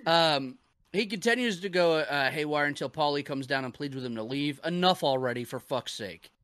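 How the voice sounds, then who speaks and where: Man, bright tense voice, slightly high, dry close sound, profane wrestling recap. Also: normal speed, smooth, no room sound. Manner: profane, laughing, animated recapping. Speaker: podcast co-host. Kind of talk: casual chat reviewing wrestling.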